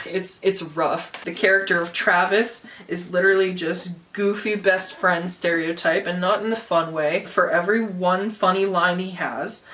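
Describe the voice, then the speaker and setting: A young woman rants about a book in a casual vlog, sarcastic, swearing freely and laughing as she goes. Her voice sits at an ordinary pitch and comes from a little way off the mic. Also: fairly bright tone, recorded from a distance, slight background noise. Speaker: book review vlogger.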